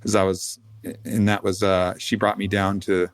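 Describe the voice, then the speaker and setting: A man with a low voice tells a rambling, casual story as a podcast guest. He drifts through fillers and restarts, drops swear words freely, and chuckles between thoughts. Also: flat delivery, moderate pace, clean tone. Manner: rambling, swearing, laughing asides.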